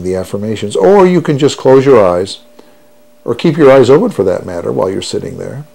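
A man guiding a listener through a hypnosis session, speaking in a soothing, unhurried way and repeating each affirmation. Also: medium pitch, gravelly, warm tone, slightly rough. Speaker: stop-smoking hypnotherapist.

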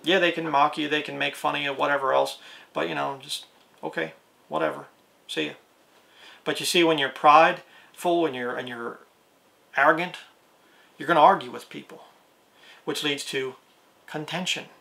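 A man's voice: a little high, steady tone, moderate pace, creaky, pauses often, sharp tone. A man preaching a plain-spoken video sermon, reading scripture aloud and asking his listeners rhetorical questions.

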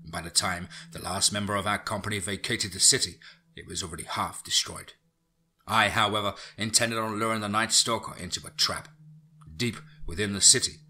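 A man narrating a first-person fantasy story for a podcast in a steady, unhurried reading. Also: lowish voice.

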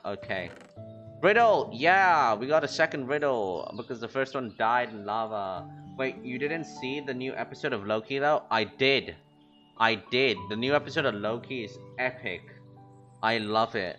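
Low-voiced rambling gaming streamer. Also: male voice. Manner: rambling, talks to chat, quick excited outbursts. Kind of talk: casual gaming commentary. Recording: lo-fi stream audio with faint music.

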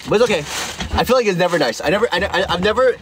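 A man's voice: sits high, lively intonation, rapid-fire, noisy background. A young man chatting casually on a live stream, rambling and joking with lots of stuttered restarts. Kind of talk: casual livestream chat.

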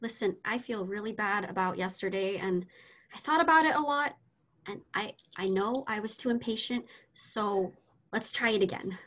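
A woman reading an impatient young woman who tutors French and snaps quickly. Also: mid-range voice, animated, a bit bright. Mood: exasperated. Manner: exasperated, quick to snap. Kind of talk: amateur scene reading.

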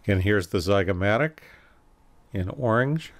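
A man giving a recorded anatomy lecture, calmly explaining and pointing through slides with occasional self-corrections. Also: fairly low pitch, normal speed. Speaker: anatomy instructor.

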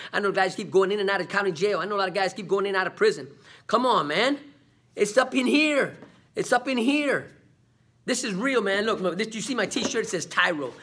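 Husky high-voiced man preaching. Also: a bit bright. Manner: preachy, repeats "man" and "come on"; call-and-response questions. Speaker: vlog host. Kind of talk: motivational talk to camera.

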